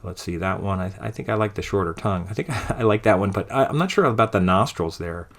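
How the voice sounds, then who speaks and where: A man with a lowish voice guides a software tutorial, recorded close to a desktop mic. He talks through each click in a relaxed, offhand way, thinking aloud as he goes. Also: fast. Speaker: design instructor.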